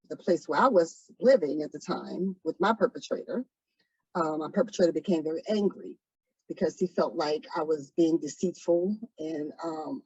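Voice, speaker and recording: A woman telling her own story in an interview, soft-spoken and hesitant, pausing often. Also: low-pitched, breathy edge, no echo, dull audio. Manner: soft-spoken, hesitant, many pauses and ums. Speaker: trafficking survivor guest. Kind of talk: interview testimony.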